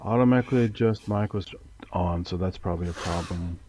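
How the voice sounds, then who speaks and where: A man chatting on a livestream, quick to curse and grow frustrated when the tech fails. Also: low voice, mellow, breathy edge. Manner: profane, easily frustrated with tech. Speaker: co-host presenting film sound effects. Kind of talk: casual livestream chat. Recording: dull lo-fi dry audio.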